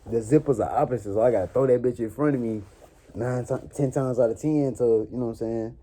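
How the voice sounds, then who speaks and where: Animated young man. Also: mid-range voice, quick pace. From New Orleans. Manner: animated, swearing, laughs often. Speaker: vlogger. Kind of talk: casual story time monologue.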